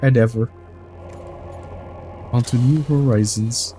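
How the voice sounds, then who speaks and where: A man's voice: medium pitch, fairly even intonation, slow, warm tone, soft background music. A man streaming a game, chatting casually in a rambling, jokey way and swearing freely.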